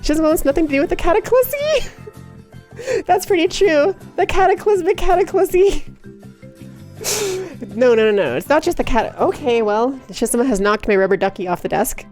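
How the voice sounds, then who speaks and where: A woman's voice: high voice, big pitch swings, moderate pace, a little mellow, soft background music. Giggly, playful young-sounding streamer woman. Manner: playful, giggly, teasing chat; coos in baby talk to her cat. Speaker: livestreamer. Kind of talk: casual live-stream chat.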